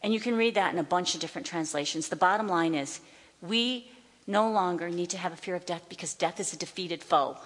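A woman Bible teacher teaching from a stage, emphatic, slowing down to declare scripture. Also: fairly low pitch. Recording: long hall reverb.

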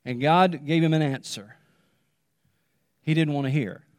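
Male pastor, slightly high voice, dry close mic with long hall tail, dramatic hushed drops, repetitive emphatic sermon delivery. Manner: dramatic pauses, repetition, drops to a hush on key words.

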